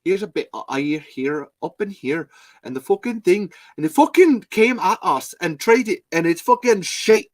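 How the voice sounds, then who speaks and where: A man's voice: animated, normal speed, no room sound. A man doing a poor Irish accent impression of a swearing, angry man. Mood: ranting. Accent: attempted Irish. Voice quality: loud, cursing, high-pitched.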